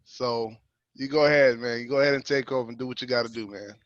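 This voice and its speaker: A man's voice: mid-range voice, steady tone, fast talker, no room sound. A man hosting a group call, praising speakers and urging the chat to engage in a hyping, encouraging way. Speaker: call host. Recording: dry, muffled call audio.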